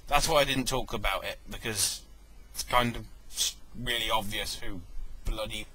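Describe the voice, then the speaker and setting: A man's voice: fairly low pitch, normal speed, bright, forceful tone, rough recording. A man giving a casual spoken review, rambling and correcting himself, with joking asides. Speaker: wrestling event reviewer.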